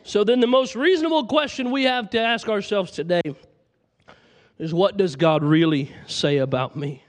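A man's voice: sits high, moderate pace. A man preaching a sermon, passionately reciting scripture aloud to his congregation.

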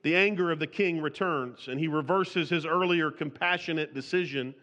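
In a long, reverberant hall, a man preaches an expository sermon with a pushed, bright voice on the high side at a moderate pace. He reads scripture in King James wording and often restarts his sentences and repeats words when speaking freely. The highs in the recording are cut off.

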